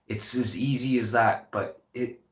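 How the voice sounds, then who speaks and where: A man's voice: mid-range voice, steady tone, unhurried, reverberant. A man who owns a restaurant, giving an earnest, impassioned and heavily profane talk to the camera. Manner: earnest, heavy swearing, impassioned. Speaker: restaurant owner. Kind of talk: unscripted motivational vlog talk.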